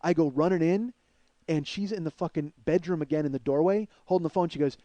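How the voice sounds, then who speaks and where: A high-pitched middle-aged man recounts a wild story in a solo podcast monologue. He swears constantly and throws himself into the quoted lines. The sound is dry and close, with no room around him. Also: fairly quick, no echo, muffled recording. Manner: profane, heated, acts out quotes loudly. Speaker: podcast host telling a personal story.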